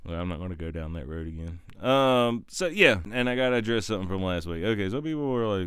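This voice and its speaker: A man's voice: deep voice, expressive, fast, hardly any pauses, fairly bright tone, clear, resonant tone, dry recording, studio quality. A man hosting his own podcast, talking in a rambling, laid-back, profane way. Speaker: podcast host. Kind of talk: casual chat.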